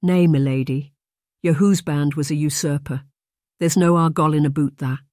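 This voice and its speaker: A narrator voicing a timid, fearful Scottish maidservant in a frail, tentative voice with a Scottish accent. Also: female voice, low voice, steady tone, normal speed, darkish tone, no room sound, clean studio sound, close to an everyday voice. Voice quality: frail, trembling.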